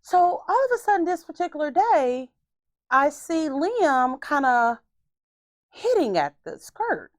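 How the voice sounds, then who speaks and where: Animated woman podcast host. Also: sits high, unhurried, no room sound, studio quality. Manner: animated, theatrical storyteller. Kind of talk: casual storytelling chat.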